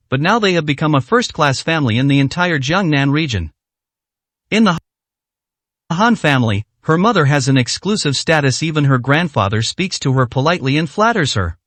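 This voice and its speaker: A man narrating a translated web novel with an even, steady reading manner. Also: on the high side, no echo. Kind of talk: scripted story narration.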